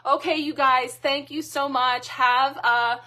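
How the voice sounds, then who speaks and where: A bright, fairly high-pitched woman hosts a live card-reading stream. She chats casually with her viewers and laughs often at her own asides. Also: steady tone, slow pace. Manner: chatty and laughing, self-mocking asides.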